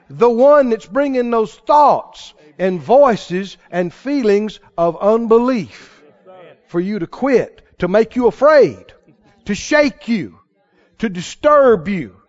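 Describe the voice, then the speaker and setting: A man's voice: sits high, animated, takes it slowly, a little mellow, lo-fi sound. A male preacher delivering a fervent sermon, calling out to the congregation and stressing his points.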